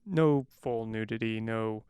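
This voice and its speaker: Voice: mid-range voice, measured pace, a little mellow, clear, resonant tone, no echo. A podcast co-host chatting casually about a movie, leading the segment with firm opinions. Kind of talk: casual movie review chat.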